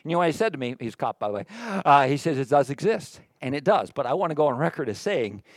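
A male pastor delivers an animated sermon with a high-pitched voice. He drops into quiet, jokey asides, then rises into loud, emphatic reading. The sound is dry and close, with little room echo. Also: quick pace. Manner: jokey, sarcastic asides to the congregation. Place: church.

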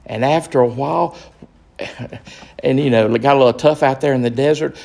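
A man leading a Bible study as pastor, speaking slowly and earnestly with restarts. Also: medium pitch, creaky, darkish tone. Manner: slow, earnest, with fillers and restarts.

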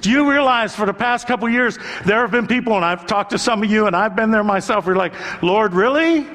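A man's voice: high voice, fairly even intonation, fast talker, a bit bright. An older man preaching a sermon as a pastor, earnest and conversational, repeating phrases for emphasis. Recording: long hall reverb.

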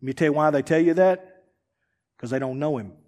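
A man preaching a sermon as pastor, swinging from loud emphatic lines to hushed, dropped phrases. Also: fairly high pitch, a little fast, long reverb tail.

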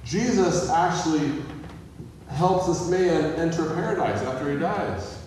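A man's voice: on the high side, lively intonation, a little slow, a little mellow. A man preaches in an easy, conversational way and keeps asking his listeners questions. His voice comes from well back from the mic and rings through a long-echoing hall, with a faint hum of the room behind him. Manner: conversational, asks the audience questions. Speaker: pastor. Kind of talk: sermon. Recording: echoey hall from far off.

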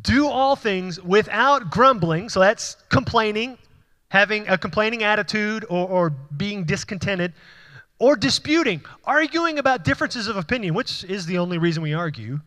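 A man preaching a sermon, building to emphatic peaks and then dropping low, with conversational asides. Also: expressive, normal speed, bright, forceful tone, big-room sound. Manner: conversational, with asides and light laughs. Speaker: pastor.

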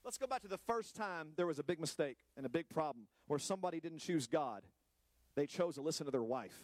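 A man preaches in a high, bright-toned voice, playful with the congregation one moment and drawing out words for emphasis the next. The sound is close and dry, with little room around it. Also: lively intonation, brisk, no echo. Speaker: pastor. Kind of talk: sermon.

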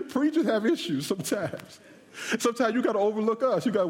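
A male pastor preaching an animated, humorous sermon with shouted bursts, then praying in a softer voice. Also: high voice, fast talker. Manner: closes in a softer prayer. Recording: reverberant hall.

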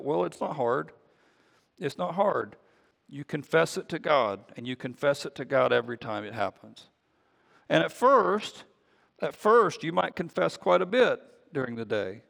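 A man's voice: a little high, very animated, normal speed, creaky, a bit bright. A man preaching a conversational sermon as pastor, often repeating words as he goes. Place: church sanctuary. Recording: long reverb of a church hall.

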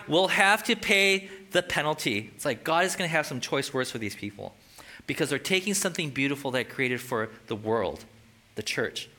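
A male pastor preaching a sermon in an animated, conversational way with frequent jokes. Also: on the high side.

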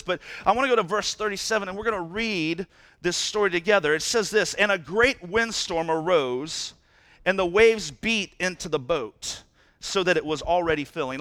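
High, bright-voiced preaching man. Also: dry recording. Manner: animated, playful preaching with sudden loud bursts and hushed drops. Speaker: pastor. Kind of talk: sermon. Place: church.

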